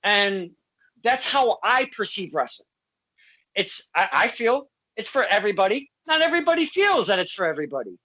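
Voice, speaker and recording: A woman's voice: mid-range voice, very animated, normal speed, pushed and bright, rough recording. A woman hosting a casual interview, blunt and passionate, swearing freely and restarting her sentences often. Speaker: interview host.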